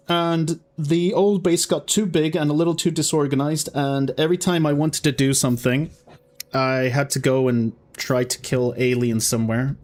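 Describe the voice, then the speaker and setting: A man's voice: mid-range voice, darkish tone. A man in his forties with a mix of British-school and Texan accent, chatting casually and self-deprecatingly while playing a game. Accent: mixed British-school and Texan. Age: 40s. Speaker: game streamer. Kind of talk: casual gaming commentary.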